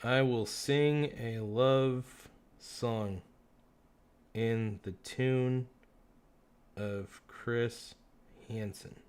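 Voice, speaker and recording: A man hosting a casual livestream, excitable and swearing often as he thanks viewers by name. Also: mid-range voice, very slow, pauses often, clean tone. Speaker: livestream host.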